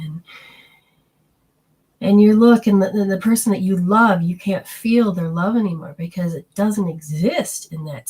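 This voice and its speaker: Husky-voiced woman teaching healing. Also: on the low side, mellow. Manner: earnest, acts out inner voices in quotes. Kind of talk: teaching talk with personal stories.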